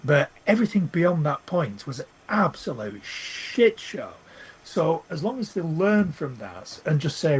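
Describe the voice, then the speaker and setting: A man co-hosting a casual podcast, his voice rough and very husky and sitting a little high. He talks bluntly and swears often in relaxed chat. The delivery stays loose and outspoken. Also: unhurried. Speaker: podcast co-host. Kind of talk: casual pop culture chat.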